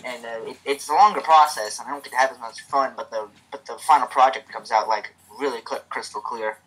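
A host reading a fanfic live and chatting between paragraphs, rambling with plenty of fillers. The voice is husky and sits in a middle pitch, on a home microphone. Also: brisk, a bit bright, rough recording.

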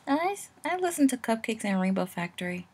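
A woman chatting casually and giggling between read-aloud lines of a story, with a husky voice. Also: on the high side, sing-song, brisk.

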